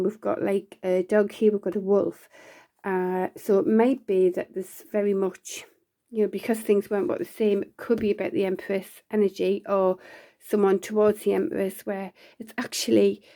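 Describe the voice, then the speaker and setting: Mellow-voiced woman giving a tarot reading. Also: mid-range voice, steady tone, moderate pace. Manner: rambling, many fillers and restarts; laughs often between lines. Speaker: tarot reader.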